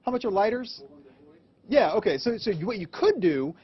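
A man's voice: sits high, very animated, moderate pace, breathy edge. A male reporter making teasing, wry jokes in a street interview. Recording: dull lo-fi news clip.

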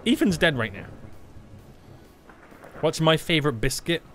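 A young British man giving live commentary while playing a game, excitable and prone to sudden loud yelps and shouts. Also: on the high side, unhurried, faint music behind. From Britain. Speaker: gaming YouTuber.

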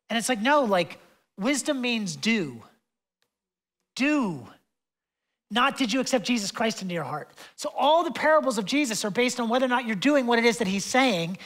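Passionate, chatty young pastor preaching. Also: male voice, very high-pitched, animated, normal speed. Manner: conversational preaching with fillers and asides; passionate, swings between loud and hushed. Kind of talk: sermon.

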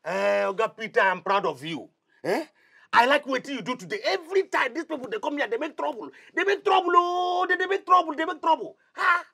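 A woman with a Nigerian Pidgin accent playing an excitable household helper who cheers a fighter on. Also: sits high, fairly quick, gravelly, full character voice. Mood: excited. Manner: excitable, boastful, laughs while talking. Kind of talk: Nollywood film acting.

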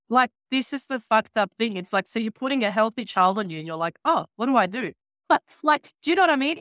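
A woman hosting an interview podcast in casual chat, candid and animated, swearing freely and acting out conversations. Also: medium pitch, no echo, studio quality. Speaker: podcast host.

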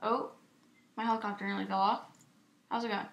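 A young woman giving casual, excitable gameplay commentary as a YouTuber, chatty and self-mocking. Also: medium pitch, brisk, creaky, dull audio. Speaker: gaming YouTuber. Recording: echoey room with faint noise.

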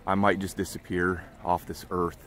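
Male vlogger, lower voice, rambling confessional talk, outdoors with clear background noise. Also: level tone, moderate pace, a bit bright. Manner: rambling, confiding, slangy. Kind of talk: casual vlog monologue. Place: outdoor dog park.

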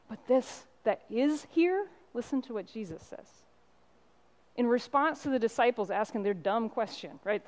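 Woman pastor, middle-aged, impassioned sermon delivery, storytelling with pointed pauses. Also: fairly high pitch, darkish tone.

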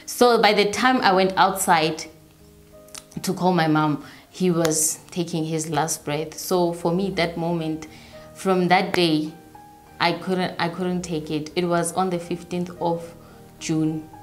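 Halting woman, slightly low voice. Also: steady tone, faint music behind. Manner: halting, repeats herself, voices others' words softly. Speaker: interviewee. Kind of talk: personal storytelling.

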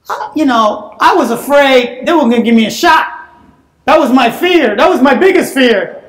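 A woman preaching a sermon in a church, telling a personal story in an animated way that breaks into shouts and laughter. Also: high voice, moderate pace, roomy sound. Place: church sanctuary.

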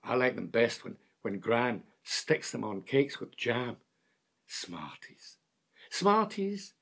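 A man's voice: mid-range voice, very animated, slow pace, vocal fry, fairly bright tone, exaggerated voice. An actor playing an older man with dementia who talks like a child, confused and repeating himself. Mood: delighted. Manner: childlike pleading, repeats words. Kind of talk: stage drama acting.

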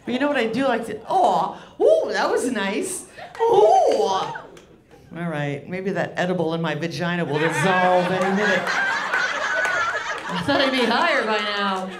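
A woman's voice: mid-range voice, animated, moderate pace, crowd noise. A woman comedian doing a stand-up set on a club stage, loose, rambling and crude, poking fun at herself. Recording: live club set with audience laughter.

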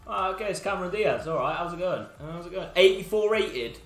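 High-voiced streamer in an echoey room. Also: male voice, expressive, brisk, faint music behind. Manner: banter with chat, teasing viewers, sudden shouts. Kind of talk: live-stream gaming chat.

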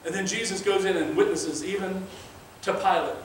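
A man's voice: high-pitched, steady tone, moderate pace, a little hiss or hum. A male pastor preaching a sermon in an earnest, conversational way, weaving in scripture readings. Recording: very echoey room, mic far off.

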